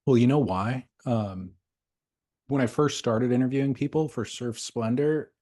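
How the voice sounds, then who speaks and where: A man's voice: medium pitch, measured pace, warm tone. A man hosting a podcast, chatting casually about surfboards in a loose, rambling, thoughtful way with restarts. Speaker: podcast host. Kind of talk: casual chat.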